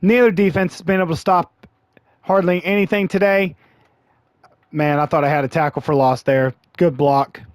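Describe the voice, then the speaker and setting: Guy playing a football game and griping about it, kinda high voice, getting hoarse, dry close mic. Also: fairly even intonation, moderate pace, dry recording. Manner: frustrated, sighing, grumbling. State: losing his voice. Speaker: gaming channel host. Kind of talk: live gameplay commentary.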